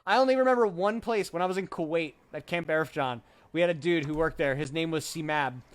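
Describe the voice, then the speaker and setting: A young man with a slightly raised pitch co-hosts a band's live stream. He chats casually and jokes often, laughing easily. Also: brisk. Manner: laughing, joking, easily amused. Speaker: band member co-hosting a livestream. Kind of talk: casual chat.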